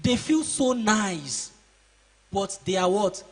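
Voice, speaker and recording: A man with a high, slightly husky voice lectures a room of teenage boys. He preaches, fires questions at them and mimics their excuses. His voice rings out through a large, echoing hall. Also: sing-song, takes it slowly. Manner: preachy, asks the audience questions and acts out excuses. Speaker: seminar speaker for boys. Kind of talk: motivational talk to teenagers. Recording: reverberant hall.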